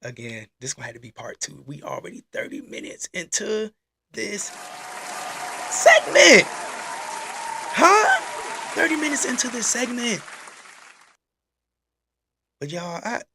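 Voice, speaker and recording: An animated man hosts a casual church-style talk. His voice sits a little high. He asks the same questions again and again. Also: normal speed, creaky, long pauses, a crowd in the background, noisy background. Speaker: host. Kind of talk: casual preaching live stream.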